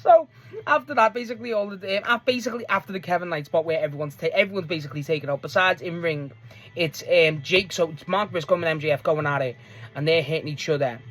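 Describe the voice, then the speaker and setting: A man giving a casual, rambling recap of a wrestling match, excitable and quick to laugh and swear. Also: on the high side. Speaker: wrestling fan reviewer.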